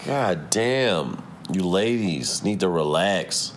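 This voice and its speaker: A man's voice: deep voice, lively intonation, slow, hardly any pauses, slight background noise. A young adult man hosting his own podcast, talking in a profane, heated, rambling rant. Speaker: podcast host. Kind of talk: casual solo podcast rant.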